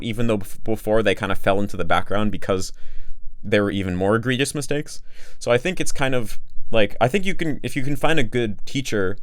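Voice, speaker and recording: A man's voice: lowish voice, clean tone, no echo. A young man explaining casually, with many fillers and rambling asides. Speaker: language coach answering a question.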